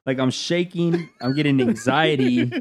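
A man's voice: medium pitch, normal speed. A man telling a funny story in casual chat, laid-back and swearing, laughing between lines.

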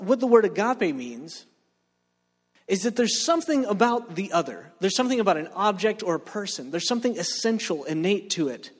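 High-voiced joking preacher in a reverberant hall. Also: male voice. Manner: talks with the room, joking, asks for reactions. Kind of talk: joking sermon.

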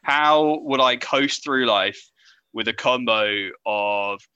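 A man's voice: medium pitch, slow, bright, forceful tone, clear, resonant tone, no room sound, dull audio. A young British man hosting a casual chat, rambling and self-deprecating, laughing often. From Britain.

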